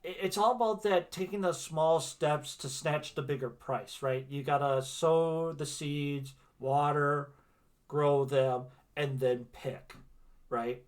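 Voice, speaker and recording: A man's voice: a little high, fairly even intonation, slow pace. A man from Wisconsin, hosting a tarot reading livestream in a chatty, reassuring way, often tagging "right?" onto his points. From Wisconsin, USA. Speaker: tarot reader and livestream host. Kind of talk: casual livestream chat.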